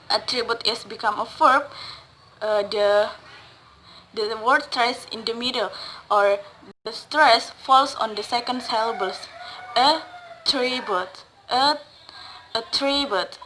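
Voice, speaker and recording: Slow, bright-voiced woman explaining word stress. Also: fairly high pitch, slight background noise, poor audio. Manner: hesitant, with fillers and self-corrections; repeats example words slowly, stressing syllables.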